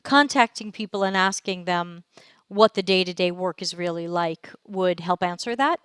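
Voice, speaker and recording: A woman's voice: lowish voice, moderate pace, fairly bright tone, clean tone, dry recording. A woman hosting a podcast, talking casually with a guest and using plenty of fillers. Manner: chatty, many fillers. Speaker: podcast host.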